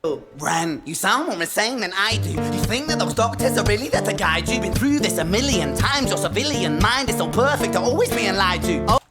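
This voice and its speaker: A man's voice: sits high, expressive, brisk. A man performing a sneering, deranged male alter ego in a song, with a grating voice and a mocking sing-song delivery. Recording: song with loud music. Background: loud music.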